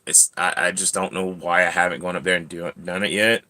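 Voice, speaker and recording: A man's voice: low voice, fairly even intonation, fairly quick, bright, forceful tone. A man hosting a casual livestream from home, chatting and teasing while he talks to his cat and clips its nails. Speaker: channel host.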